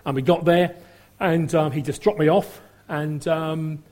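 A man's voice: on the high side, fairly even intonation, measured pace, darkish tone. A middle-aged man giving a rambling personal testimony full of fillers, acting out the voices he quotes. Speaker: testimony speaker.

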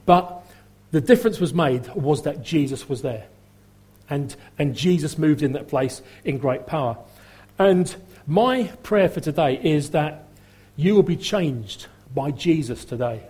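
Chatty Norfolk-accented preacher, slightly husky. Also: male voice, on the high side, animated, unhurried, warm tone. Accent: Norfolk English. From Norfolk, England. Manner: chatty, humorous, repeats and restarts phrases. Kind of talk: sermon.

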